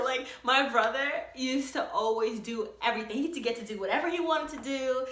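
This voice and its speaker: A young woman vlogger telling a casual story, animated, laughing often and acting out quotes. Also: sits high, fairly quick, few pauses, echoey room.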